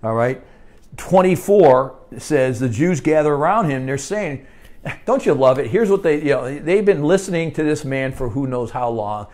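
With lively intonation and a normal speed, an American man leads a Bible study as pastor, his tone a little mellow. He keeps it conversational, regularly asking "all right?", and rises in pitch to emphasize key points.

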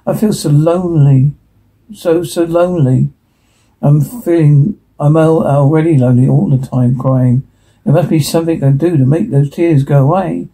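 A man reads a television transcript aloud, dialogue and stage directions in one plain flow. His voice is very husky and deeply mellow, set a little higher than most men's. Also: fairly even intonation, moderate pace, poor audio. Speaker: transcript reader. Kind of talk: reading a TV episode transcript aloud.

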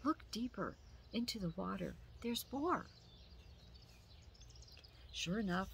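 A woman reading a picture book aloud in a gentle, unhurried way. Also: mid-range voice, gravelly, a little hiss or hum. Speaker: storybook reader.

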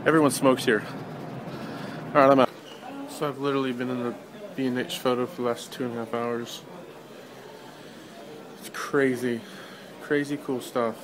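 Speaking at a normal speed in a flat, medium-pitched voice, a man vlogs his day on city streets, chatty yet hesitant with plenty of ums and long pauses. Behind him are a crowd, traffic, and general street noise in this casual daily vlog.

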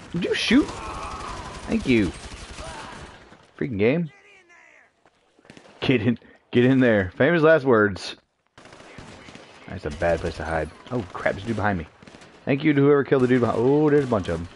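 A man's voice: medium pitch, very animated, normal speed, long pauses, darkish tone, a little hiss or hum. A man streaming an online shooter game, joking, swearing and talking to himself and his teammates as he plays. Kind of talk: live gameplay commentary.

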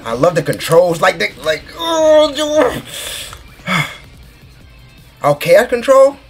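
Excitable young man, let's play commentary, lively swooping pitch, shrieks and bros, faint music behind. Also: unhurried, vocal fry. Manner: excitable, shrieks and repeats bro. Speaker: gaming YouTuber.

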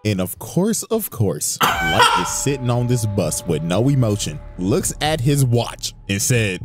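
A young man narrating a comedic recap, animated and full of slang. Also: on the low side, a little slow, hardly any pauses. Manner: animated slangy storytelling, jumping into voices. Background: loud background music.

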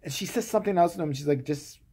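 Animated, profane man ranting about a movie. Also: high-pitched, very fast, husky. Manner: profane, sarcastic, acts out characters' lines. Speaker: movie reviewer. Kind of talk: comedic movie-review rant.

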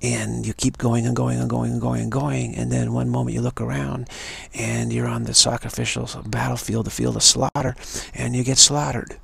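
A spiritual speaker on a livestream gives an earnest, emphatic talk, repeating his key points. His mid-range voice is gravelly, husky and fairly bright, delivered flatly at normal speed with few pauses and no echo.

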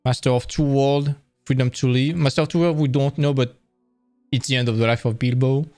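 A man's voice: mid-range voice, steady tone, fairly quick, a little mellow, no room sound, clean studio sound, soft background music. A man presenting a live-streamed lecture, explaining in a casual, enthusiastic way with frequent restarts.

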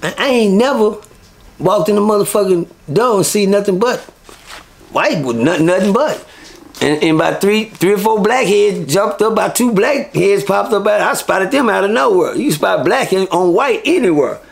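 Gravelly man telling stories. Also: high voice, moderate pace, slight background noise. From Texas. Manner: profane, animated storyteller. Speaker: interview guest. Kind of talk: casual storytelling.

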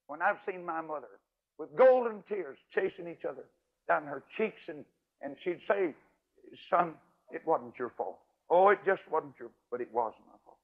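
An older man, an evangelist preacher, telling a folksy, emphatic story in a sermon, his voice swinging from loud to hushed. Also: fairly high pitch. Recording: tinny radio broadcast audio.

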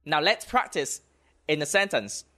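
Man, Southern Vietnamese accent, language teacher, fairly high voice, bright tone. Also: big pitch swings. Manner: models words slowly, then prompts repetition. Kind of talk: slow spoken language lesson.

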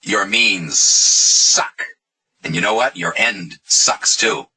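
A man's voice: lowish voice, takes it slowly, pushed and bright, slightly rough, poor audio. A man hosting a casual monologue video, talking in a sarcastic, mocking way. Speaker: video host.

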